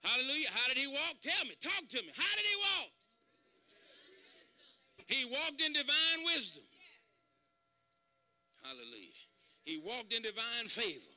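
A preacher, a man with a very high voice and a sharp, bright edge. He delivers an emphatic sermon, calling out to the congregation and shouting at the peaks. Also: very animated, moderate pace, long pauses. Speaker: pastor.

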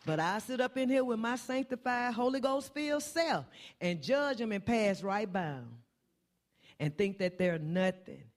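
A woman's voice: lively intonation, a little slow. A woman preaching a heartfelt sermon in a church. She builds through repeated refrains, and her voice leaps upward on the lines she wants to land. Her delivery is earnest and plainspoken. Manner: impassioned, repetitive refrains, pitch climbing on key phrases. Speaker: church speaker.

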